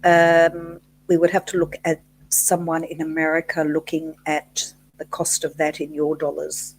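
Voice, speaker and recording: A woman's voice: low voice, completely flat delivery, a little slow, a little hiss or hum. An Australian woman co-hosting a casual livestream chat, musing aloud and correcting herself as she talks. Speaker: co-host of a cruise chat livestream.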